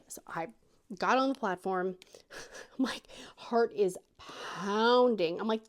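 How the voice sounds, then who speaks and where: A middle-aged woman hosting a craft channel, chatting casually as she tells a story and acts out quotes in a squeaky high voice. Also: measured pace.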